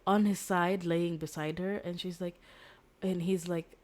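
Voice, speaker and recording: A woman's voice: on the low side, fairly even intonation, a little slow, a little mellow. A young woman streamer casually retelling a book's story, rambling with lots of fillers and restarts. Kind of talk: casual storytelling recap of a book.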